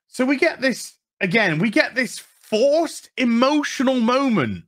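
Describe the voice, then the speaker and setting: A man's voice: very high-pitched, very animated, a little slow, hardly any pauses, fairly bright tone. A man with a Yorkshire accent ranting sarcastically through a TV episode review, swearing often. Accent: Yorkshire English. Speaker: TV review vlogger.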